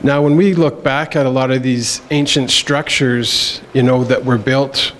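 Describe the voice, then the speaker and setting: A man in the audience slowly working through a question with some hesitation. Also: medium pitch, steady tone, a bit bright, slight background noise. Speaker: audience member asking a question.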